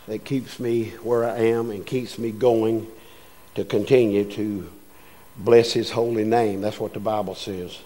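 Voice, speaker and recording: A man's voice: fairly low pitch, steady tone, unhurried, warm tone. An older man preaching a folksy sermon, telling homespun stories and acting out the voices in them. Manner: homespun storytelling, acts out voices in anecdotes.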